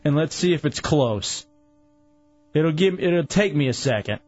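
A man's voice: fairly high pitch, animated, a little slow, darkish tone, lo-fi sound, faint music behind. A man hosting a call-in radio show, teasing his co-host and laughing often. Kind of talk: bantering call-in talk.

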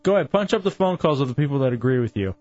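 A man's voice: medium pitch, lively intonation, racing, a little mellow, dull audio, faint music behind. A man hosting a call-in radio show, teasing his co-host and laughing often. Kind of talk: bantering call-in talk.

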